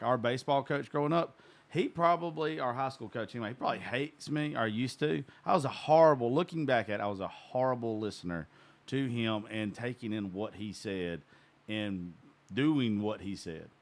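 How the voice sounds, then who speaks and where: A man's voice: medium pitch, normal speed. A man hosting a casual chat, talking bluntly and swearing freely.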